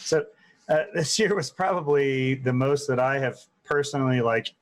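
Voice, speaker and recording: A man's voice: medium pitch, moderate pace, a little hiss or hum. A man co-hosting a casual podcast chat, hesitant and stammering through his restarts.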